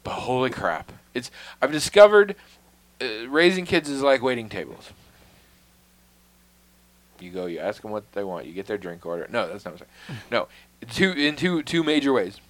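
A man's voice: medium pitch, sing-song, normal speed, a bit bright. A man in casual conversation, telling a long story in a wry, self-deprecating way, swearing freely and dropping to a mutter on asides.

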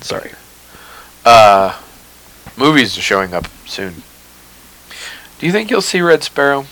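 A man co-hosting a podcast, telling a story in an animated way and laughing often. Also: mid-range voice, unhurried, low-quality recording. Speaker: podcast co-host. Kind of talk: casual chat.

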